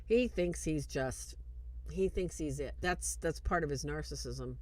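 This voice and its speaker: A woman's voice: low-pitched, a little slow. Chatty woman retelling a film. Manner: animated and conversational, acting out scenes. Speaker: host of a film review show. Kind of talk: casual live-stream commentary retelling a film.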